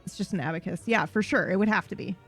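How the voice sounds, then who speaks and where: Woman stream host, casual and rambling, gravelly fry, faint music under her. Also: mid-range voice, fast. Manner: rambling, self-correcting, loose and profane. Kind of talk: casual live-stream chat.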